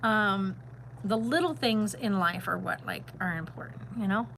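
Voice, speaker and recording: A woman's voice: medium pitch, moderate pace, creaky, noisy background. A middle-aged woman who is a grandmother, chatting casually and emphatically on a home vlog. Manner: rambling, emphatic, opinionated. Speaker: vlogger and grandmother. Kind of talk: casual chat.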